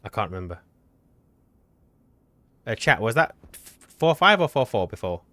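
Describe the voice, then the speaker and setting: A man's voice: fairly low pitch, very animated, normal speed, pushed and bright, dry recording. A man live-streaming a co-op game, chatting casually and teasing his partner. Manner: chatty, self-correcting, teasing. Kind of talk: casual gameplay chat.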